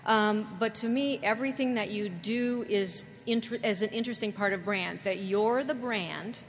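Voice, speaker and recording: A woman's voice: mid-range voice, moderate pace. Upbeat woman moderating a panel in a hall. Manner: energetic, enthusiastic, chatty. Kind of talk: panel discussion. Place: conference hall with audience. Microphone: handheld microphone. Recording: reverberant hall, faint noise.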